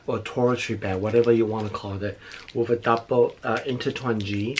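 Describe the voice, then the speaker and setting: A man's voice: medium pitch, fairly even intonation, fairly quick, slight background noise. A middle-aged man, chatting effusively while unboxing gifts, a little out of breath. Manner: gushing, effusive, repeats himself. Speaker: beauty vlogger. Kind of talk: casual unboxing chat.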